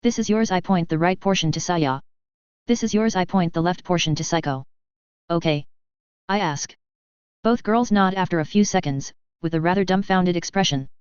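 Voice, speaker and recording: A woman reading fan fiction aloud as narrator in an even, steady manner, in a dull lo-fi recording. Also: fairly low pitch, a little fast, clear, resonant tone, no echo.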